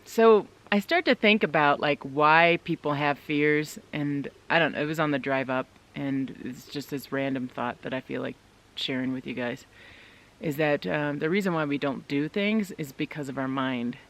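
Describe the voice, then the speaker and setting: A woman's voice: sits low, normal speed. A woman vlogging from inside her tent in the snowy woods, chatting casually and upbeat straight to her viewers. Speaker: solo winter camping vlogger. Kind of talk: casual chat to camera.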